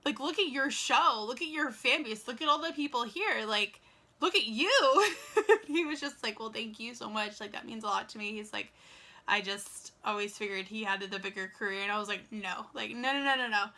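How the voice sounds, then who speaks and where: A young woman vlogging straight to camera, telling a story in a loose, chatty way. She throws "like" in everywhere and acts out both sides of every exchange. Her voice sits a bit high and rings with a bright, forward edge. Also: moderate pace. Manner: chatty, lots of "like" and quoted dialogue. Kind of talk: casual storytelling vlog.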